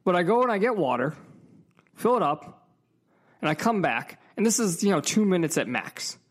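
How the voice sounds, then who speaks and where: A man's voice: high voice, very animated, moderate pace. A man in a casual, profane storytelling rant, emphatic and heated, with frequent asides to the viewer. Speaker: vlogger.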